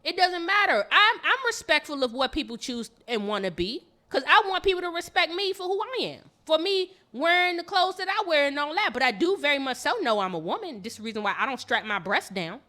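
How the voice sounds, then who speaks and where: Animated high-voiced woman podcast host. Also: fairly quick, hardly any pauses. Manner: animated, emphatic storytelling. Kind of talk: casual chat.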